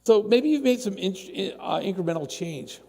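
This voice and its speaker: Lively high-voiced pastor in a hall. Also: male voice, moderate pace. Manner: animated, acts out quoted voices. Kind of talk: sermon. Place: church sanctuary.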